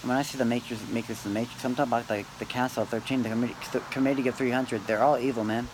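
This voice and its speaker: A man rambling through a meandering, philosophizing monologue to camera, pausing often and tagging lines with "man" and "dude". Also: medium pitch, fairly even intonation, noisy background. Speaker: vlogger.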